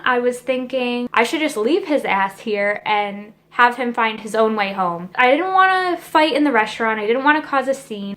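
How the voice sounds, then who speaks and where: A young woman with a slightly high voice tells a personal story straight to camera. She is animated and indignant, full of asides to her viewers. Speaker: beauty vlogger. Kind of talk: storytime vlog.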